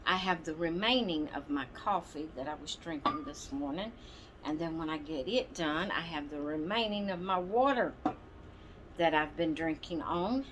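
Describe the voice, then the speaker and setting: A woman's voice: low voice, normal speed, noisy background. A woman hosting her doll channel, chatting casually and rambling to viewers with plenty of ums and asides. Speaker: doll channel vlog host.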